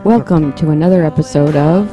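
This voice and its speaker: A woman's voice: low-pitched, brisk, music in the background. A woman co-hosting a podcast in casual chat, teasing her partner with dry quips. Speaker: podcast co-host. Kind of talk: casual chat about eighties pop culture.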